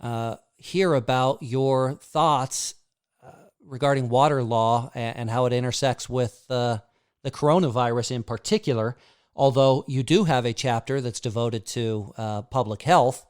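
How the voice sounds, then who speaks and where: A man hosting an interview, asking measured and hesitant questions full of pauses. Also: medium pitch, smooth, dry recording, clean studio sound. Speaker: podcast host, interviewer. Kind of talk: conversational interview.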